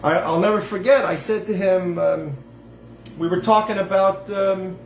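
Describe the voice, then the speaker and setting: Brief: male host, rambling religious talk, fairly high voice, emphatic, stop-start delivery, echoey room with faint hiss. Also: steady tone, moderate pace. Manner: emphatic, digressive, many restarts and fillers. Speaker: host and self-styled rabbi. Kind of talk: rambling religious monologue with reading aloud.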